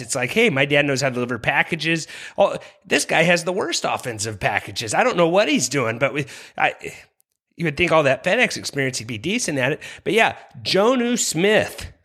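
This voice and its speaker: A man's voice: fairly high pitch, big pitch swings, normal speed, bright, forceful tone. A young man hosting a fantasy football podcast, talking with passion, rambling and apologizing for going on too long. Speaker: podcast host. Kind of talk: fantasy football rankings talk.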